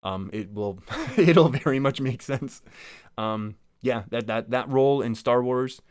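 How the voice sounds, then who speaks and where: A man's voice: medium pitch, measured pace, darkish tone, clean tone, dry recording, studio quality. A man hosting his own podcast, talking casually in a chatty, rambling way with many restarts and small laughs. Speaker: podcast host. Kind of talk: casual solo podcast talk.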